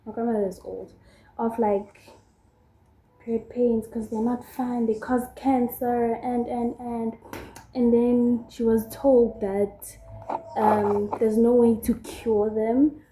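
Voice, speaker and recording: A young South African woman talks slowly and casually while doing her makeup, rambling through her story with plenty of fillers. Her voice sits a little high but sounds dark and mellow. The room around her gives it a clear echo. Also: flat delivery, slight background noise. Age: young adult. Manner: chatty and rambling, with many fillers. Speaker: vlogger. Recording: echoey room.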